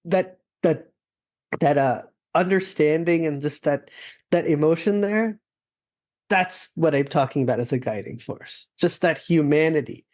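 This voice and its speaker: Podcast host, male, slightly high voice, earnest reflective storyteller, casual delivery. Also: a little slow, darkish tone.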